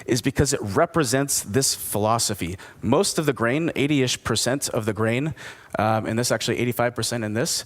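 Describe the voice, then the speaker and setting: A man's voice: mid-range voice, moderate pace. A man giving a conversational conference presentation, enthusiastic and asking his audience questions. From United States. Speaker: distillery speaker at a whisky forum.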